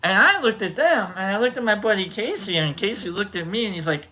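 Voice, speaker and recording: Bright-voiced man telling rowdy stories. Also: high-pitched, brisk. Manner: animated, joking, acts out quoted voices with loud yells. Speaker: livestream host. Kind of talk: casual storytelling chat.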